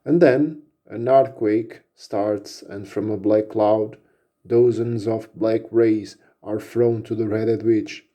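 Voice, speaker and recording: A man narrating an action story casually, unhurried, with fillers. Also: on the low side, little pitch movement, mellow.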